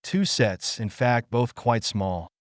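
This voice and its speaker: A man reading an audiobook with expressive storytelling narration. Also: mid-range voice, slow pace, dry recording, clean studio sound.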